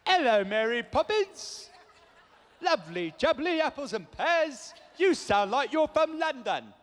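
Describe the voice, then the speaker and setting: A man's voice: extremely high pitch, big pitch swings, unhurried, fairly bright tone, long reverb tail, pitched above the performer's own voice, exaggerated voice. A man with a British accent impersonating a chirpy, overdone Cockney man from an old movie musical, in a sing-song, mocking voice. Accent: exaggerated mock Cockney.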